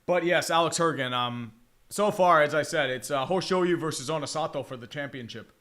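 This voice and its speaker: Guy with a high voice doing fan play by play on a stream, swears a lot, gets hyped. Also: moderate pace. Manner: excitable, profane, chatting with viewers. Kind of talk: live watch-along commentary.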